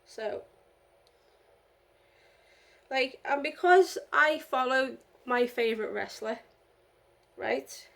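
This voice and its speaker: Young woman from the UK, high voice, casual vlogger, rambling and indignant. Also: takes it slowly, gravelly, pauses often, fairly bright tone. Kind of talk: casual vlog monologue.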